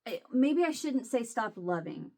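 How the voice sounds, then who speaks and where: Emotional woman vlogger, halting speech. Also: fairly high pitch, big pitch swings, darkish tone. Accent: Southern Illinois. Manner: halting, emotional, many restarts. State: near tears. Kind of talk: casual chat to camera.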